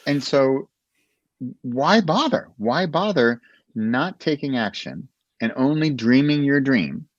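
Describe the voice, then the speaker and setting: A man's voice: medium pitch, expressive, slow pace, dry recording, dull audio. A man who is a guest on a podcast, talking casually and animatedly about writing, often laughing and acting out little conversations.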